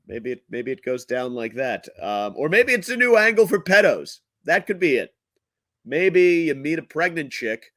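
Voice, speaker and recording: A man hosting his own comedy show, delivering a profane rant in a blunt, crude, halting way. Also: medium pitch, fairly bright tone, dry recording. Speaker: podcast host and comedian.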